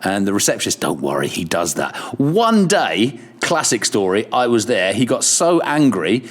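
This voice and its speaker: A middle-aged man with a low voice tells stories from his radio days in a casual chat. His pitch swings widely as he acts out what other people said, laughing and swearing along the way. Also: big pitch swings, normal speed. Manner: swearing, laughing storyteller who acts out quotes. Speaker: radio presenter, podcast guest.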